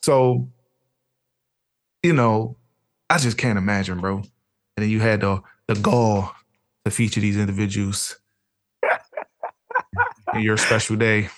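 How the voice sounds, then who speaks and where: Man, podcast co-host, casual slang, animated storytelling, acts out friends' voices. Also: on the low side, a little slow, pauses often. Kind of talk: casual chat.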